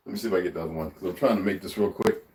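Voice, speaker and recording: A man's voice: low-pitched, rapid-fire, darkish tone, far from the mic. A man chatting casually to his viewers in his home kitchen, laughing often and talking to his cat as he searches around. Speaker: vlogger. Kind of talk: casual rambling vlog. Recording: roomy, off-mic, faint noise.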